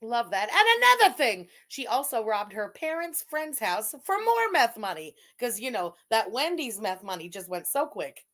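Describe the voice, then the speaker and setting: A woman's voice: fairly high pitch, very animated, normal speed, hardly any pauses, fairly bright tone. A woman streamer giving crude, mocking live reaction commentary, thanking super chats and often laughing.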